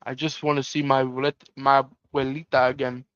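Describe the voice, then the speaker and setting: A man voicing a lost young ghost boy who talks softly and wistfully, a little slow. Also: mid-range voice, level tone, smooth, no room sound, dull audio, close to an everyday voice. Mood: lonely.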